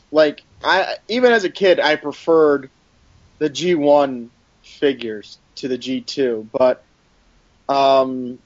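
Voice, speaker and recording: A man talks in a casual podcast and wanders through his points with a lot of ums and restarts. His voice sits a little high for a man. The audio is dry and muffled. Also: darkish tone, no echo. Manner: rambling, many fillers and false starts. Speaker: podcast guest.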